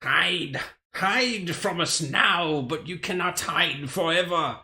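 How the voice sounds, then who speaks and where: A man voicing a menacing male beast, gloating and threatening in a slow, drawn-out put-on accent while reading a movie script aloud. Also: fairly high pitch, pushed and bright, pitched above the performer's own voice, full character voice.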